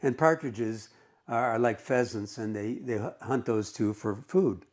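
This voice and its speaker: A male English teacher walking students through a story in a relaxed, conversational way, checking in often as he goes. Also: medium pitch, unhurried. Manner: conversational, with frequent "okay" checks. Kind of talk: explaining a story in a recorded lesson.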